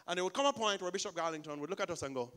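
A man preaches with a high, bright voice that cuts through clearly. He tells his story in an animated way, slipping into the people he describes. The delivery is a pastor's full sermon style. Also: rapid-fire.

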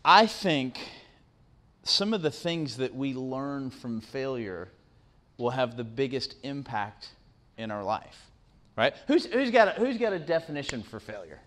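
A man's voice: mid-range voice, big pitch swings, measured pace. A middle-aged man giving a conversational motivational talk to students, often asking the audience questions and tagging on "right?". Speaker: guest speaker. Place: university lecture room.

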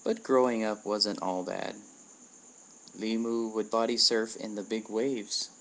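A man reading a children's picture book aloud in plain, steady narration, recorded on a webcam. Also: lowish voice, measured pace, creaky. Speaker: storybook reader.

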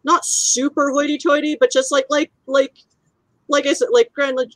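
A woman's voice: sits high, flat delivery, moderate pace, no room sound, poor audio. A woman narrating a tabletop role-playing game as game master, chatty and descriptive with many fillers.

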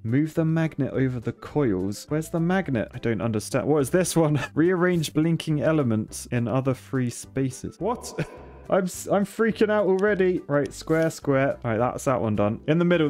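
A man's voice: mid-range voice, darkish tone. Flustered man playing a game. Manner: flustered, reading tasks aloud, laughing under stress. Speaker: gaming YouTuber. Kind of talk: frantic let's-play commentary.

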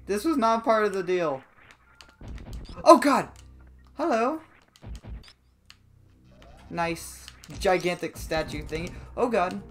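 A man giving let's play commentary, excitable and comically dramatic, jumping into high squeaky exclamations over faint game music. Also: takes it slowly, pauses often.

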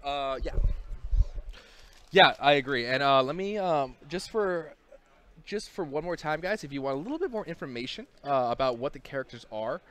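A young man hosting a casual game studio livestream, joking and talking to the chat in an excitable way. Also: fairly high pitch, moderate pace, slight background noise. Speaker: community host on a game studio stream.

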